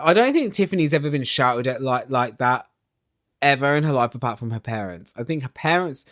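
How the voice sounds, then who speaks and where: Animated vlogger ranting. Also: mid-range voice, brisk, dry recording, studio quality. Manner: animated, opinionated, sarcastic, swears. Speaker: reality TV recap vlogger. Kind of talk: ranting casual recap.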